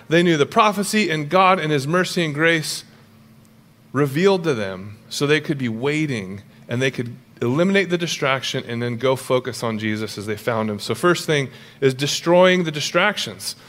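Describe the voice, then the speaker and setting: A young man preaching a sermon as pastor, animated and jokey, with quick storytelling asides. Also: a little high, big-room sound.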